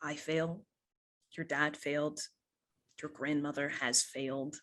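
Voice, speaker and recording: A game master voicing a caring woman who gently comforts a young person, speaking in a hesitant, reassuring manner. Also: medium pitch, flat delivery, slow pace. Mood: gentle.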